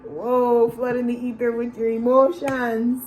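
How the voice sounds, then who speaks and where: A woman's voice: fairly high pitch, level tone, a little slow, a little mellow, a little hiss or hum. Slangy woman giving a loose tarot reading. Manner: slangy and loose, calls listeners bro, swears, laughs often. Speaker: tarot reader. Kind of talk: casual channeled tarot reading.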